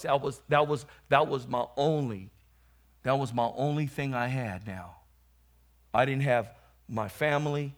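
A man preaching, telling his own testimony and rising from quiet storytelling to loud calls to the congregation. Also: medium pitch. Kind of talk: testimony sermon.

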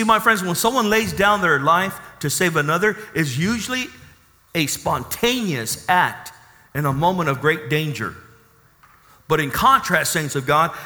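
Lively high-voiced preacher man in a hall. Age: 30s. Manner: emphatic preaching with call-and-response asides. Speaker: pastor. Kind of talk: sermon.

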